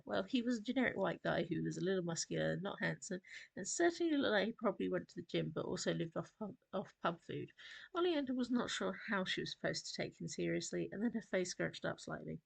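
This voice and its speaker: A woman narrates a dark fantasy tale at an even, unhurried pace. Her voice is low and gravelly, with a husky grain that runs through her reading. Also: dry recording. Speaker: storyteller. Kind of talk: storybook narration.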